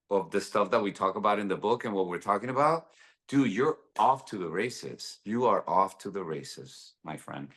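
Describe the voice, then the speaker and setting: Here is a low-voiced man who is a guest author on a video call. He coaches the listener in an earnest, motivational way and stays casual, with plenty of "dude" and "man". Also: a bit bright. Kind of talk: casual podcast interview.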